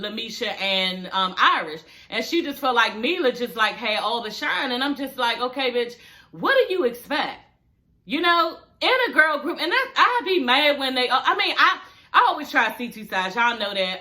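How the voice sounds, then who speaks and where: Sassy, bright-voiced woman reviewing a show. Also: a little high. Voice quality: sassy, blunt and profane, addressing viewers directly. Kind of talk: casual commentary vlog.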